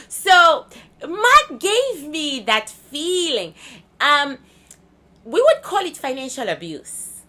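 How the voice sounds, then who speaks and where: Blunt, bright-voiced woman vlogger. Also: high-pitched, slow pace. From Zimbabwe. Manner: blunt, candid storytelling with crude language; animated, swings loud and laughing. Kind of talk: casual rambling monologue.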